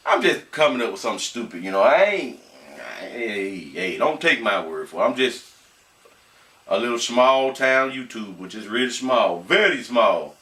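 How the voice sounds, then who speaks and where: Folksy man vlogging, reading news and riffing on it, bright voice, recorded roomy and off-mic. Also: mid-range voice, lively intonation. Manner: folksy, talks straight to viewers as "y'all"; slow, halting when reading aloud. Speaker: small YouTuber. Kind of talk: reading news aloud and commenting casually. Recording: echoey room, mic at a distance.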